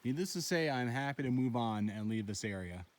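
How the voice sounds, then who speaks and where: A solo backpacker films his trip on a wilderness trail, chatting into a handheld phone in a rambling way and often tacking "right?" onto the end. His voice is medium-pitched, animated and brisk, and he is outdoors on a backcountry path while narrating this casual hiking vlog.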